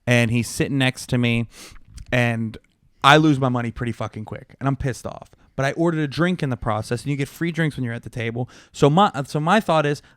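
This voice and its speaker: A man co-hosting a podcast, telling an animated, profane story in casual chat. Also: mid-range voice, fairly quick, clear, resonant tone, no room sound, studio quality. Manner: animated storytelling, heavy swearing. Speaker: podcast co-host.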